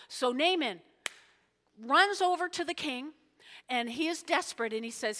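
Woman pastor, lively storyteller with asides, bright high voice, echoey hall. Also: moderate pace. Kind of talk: sermon, retelling a Bible story.

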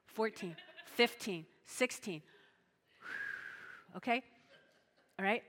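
A woman pastor preaching a sermon in an animated, chatty way, often checking in with her listeners. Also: medium pitch, very slow, big-room sound.

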